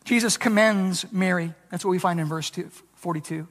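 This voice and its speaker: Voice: mid-range voice, moderate pace. Earnest preacher in an echoing church. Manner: earnest, with frequent stammered restarts; acts out quoted lines in a changed voice. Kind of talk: sermon. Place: church sanctuary. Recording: long hall reverb.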